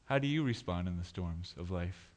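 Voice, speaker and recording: A man preaching a sermon as pastor in a church, animated, acting out panicked voices. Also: deep voice, moderate pace.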